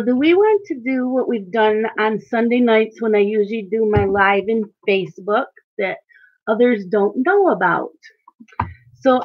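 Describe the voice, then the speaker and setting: A woman's voice: a little high, lo-fi sound. Chatty woman hosting a coloring live stream. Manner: chatty, reads out and answers viewer chat. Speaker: coloring channel host. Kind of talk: casual live-stream chat while coloring.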